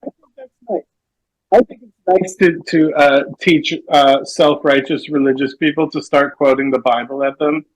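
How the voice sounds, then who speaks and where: Husky man with wry remarks. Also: on the high side, steady tone, moderate pace, poor audio. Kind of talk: casual chat.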